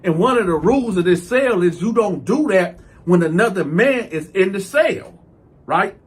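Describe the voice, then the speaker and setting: Male host telling a story, high and husky, swearing freely, swinging into loud outbursts. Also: moderate pace. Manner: animated, breaks into loud outbursts when quoting himself; profane street slang. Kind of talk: casual storytelling.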